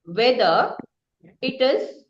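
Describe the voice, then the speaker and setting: A woman's voice: fairly high pitch, big pitch swings, very slow, a little hiss or hum. A woman teaching a lesson on vocal variety, asking the class questions and demonstrating with singing and acted tones. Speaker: speech trainer. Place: classroom or hall with students. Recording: dull roomy hall recording.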